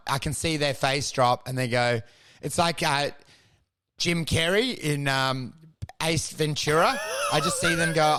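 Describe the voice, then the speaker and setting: A man's voice: medium pitch, fairly even intonation, unhurried, sharp tone, clear, resonant tone, dry recording. A young man co-hosting a comedy podcast, rambling manically, swearing freely and slipping into silly voices. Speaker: podcast co-host.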